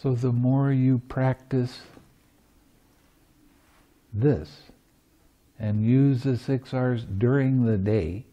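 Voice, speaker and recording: Man teaching meditation at a retreat; slow, relaxed and mellow, playful with frequent laughter. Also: medium pitch, muffled recording. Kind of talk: dharma talk at a retreat. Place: meditation center.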